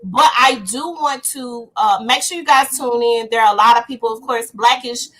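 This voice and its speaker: Podcast co-host, woman, Memphis Southern accent, slightly high and bright, upbeat. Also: moderate pace. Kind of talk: casual chat.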